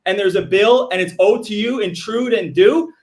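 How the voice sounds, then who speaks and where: A man on a live call-in show, arguing heatedly with lots of restarts. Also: high-pitched. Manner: argumentative, fired up, rapid restarts.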